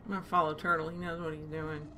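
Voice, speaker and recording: A woman playing a shooter solo, talking to herself through a headset, swearing freely and yelling at enemies, tired and loopy. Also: low voice, quick pace, a little hiss or hum. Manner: swears often and shouts at enemies, with loud excited outbursts. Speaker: gamer streaming her own play. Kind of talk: casual gameplay commentary.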